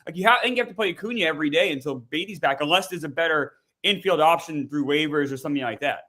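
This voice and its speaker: A man in casual sports podcast banter, animated and agreeable as he argues his point. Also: a little high. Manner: animated, agreeable, fast-talking.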